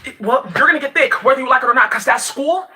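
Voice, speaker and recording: Lady vlogging, brash and cussing a lot, kinda high bright voice. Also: fast talker, slight background noise. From Nigeria. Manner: brash, profane, laughs a lot. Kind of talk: casual rant to camera.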